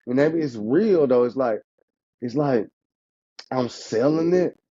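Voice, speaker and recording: A man, an insurance agent chatting casually as a podcast guest, lively and quick to laugh. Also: medium pitch, slightly rough, no room sound. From Alabama, US. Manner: animated, talkative, laughs often. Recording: dull, dry lo-fi sound.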